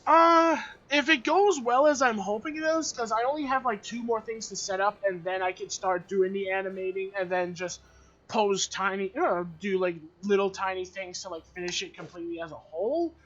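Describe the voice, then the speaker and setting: Bright-toned teasing young man streaming. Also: high-pitched, moderate pace. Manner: teasing, animated, filler-heavy. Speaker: live stream host. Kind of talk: casual chat among friends. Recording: slightly muffled mic with faint noise.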